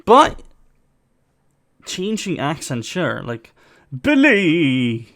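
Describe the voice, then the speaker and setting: A man's voice: medium pitch, unhurried. Rambling man with mixed English accent. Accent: mixed non-native English, part British, part American. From Sweden. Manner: rambling, opinionated, full of fillers. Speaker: reaction video host. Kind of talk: casual reaction commentary.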